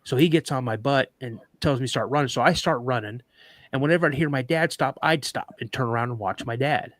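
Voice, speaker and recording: Brief: male talk show guest, dramatic storyteller, stammers, mid pitch, dry sound. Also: fairly quick, a bit bright, no echo. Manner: vivid, dramatic retelling with stammered restarts.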